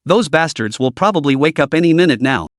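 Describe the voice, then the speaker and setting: A man's voice: on the high side, animated, brisk, no echo, clean studio sound, close to an everyday voice. A man doing a scheming young man faking urgency. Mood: urgent. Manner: urgent, pleading.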